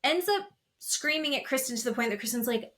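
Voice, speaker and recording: A woman co-hosting a podcast, recapping reality TV in casual chat, animated, acting out quotes and swearing freely. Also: high-pitched, brisk. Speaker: podcast co-host.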